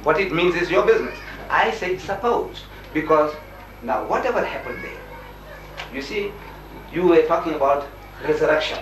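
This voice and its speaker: An older man argues with emphatic, animated energy and slips into voices for his quotes. His voice sits a little high. It comes from a distance in an echoey room, with faint noise underneath. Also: moderate pace. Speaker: Muslim debater. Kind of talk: lively debate with a missionary.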